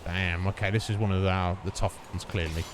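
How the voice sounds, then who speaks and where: A man's voice: low voice, steady tone, fairly quick, background noise. A man streaming a video game, chatting casually and thinking aloud as he plays and greets viewers. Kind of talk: casual gameplay commentary.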